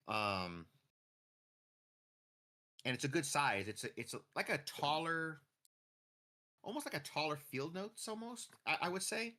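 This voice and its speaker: A man's voice: a little high, lively intonation, a little slow, long pauses, pushed and bright. A man chatting casually and rambling off the cuff while streaming a farming game. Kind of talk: casual chat while gaming.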